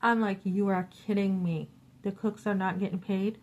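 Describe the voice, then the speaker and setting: A middle-aged woman vents in a casual storytime vlog and acts out every exchange. Her voice sits at a middle pitch, and her telling is animated and exasperated. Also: normal speed, muffled recording. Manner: animated, acts out quoted dialogue; exasperated, venting. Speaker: vlogger.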